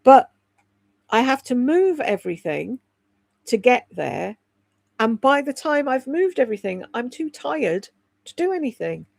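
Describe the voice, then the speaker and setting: A woman in her sixties talks on a livestream from home, with a gravelly edge to her voice. Her talk is candid and rambling, full of casual swearing and quick laughs. The sound is dry and close, with no room echo. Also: fairly high pitch, very animated, darkish tone. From United Kingdom. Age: 60s. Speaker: livestream host reading chat.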